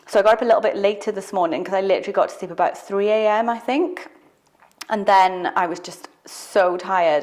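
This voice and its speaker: A woman's voice: medium pitch, darkish tone. Young woman, casual vlogger, rambling chatty delivery, self-deprecating. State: out of breath after cardio. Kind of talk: casual vlog to camera.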